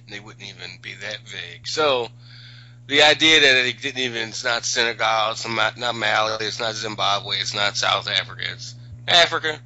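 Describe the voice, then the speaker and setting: A man's voice: fairly low pitch, moderate pace, pushed and bright. A man in casual chat about a TV episode, making wry, sarcastic remarks. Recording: slightly muffled lo-fi audio.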